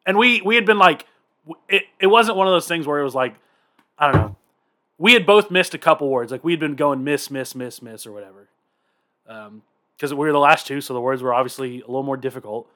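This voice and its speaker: Young man, casual podcast chat, bright voice, slightly high, profane storyteller. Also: fairly quick. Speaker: podcast co-host.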